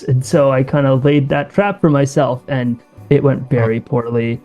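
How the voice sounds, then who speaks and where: Relaxed male player, mid pitch, mellow and self-deprecating. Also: normal speed, few pauses, faint music behind. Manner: easygoing, self-deprecating storyteller. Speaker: podcast guest player. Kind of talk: casual chat.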